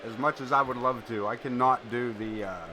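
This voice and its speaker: A man streaming live, calling wrestling play-by-play and chatting casually in an excitable, rambling way, swearing now and then. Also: mid-range voice, normal speed, noisy background. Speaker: streamer commentating a wrestling game. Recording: music playing behind.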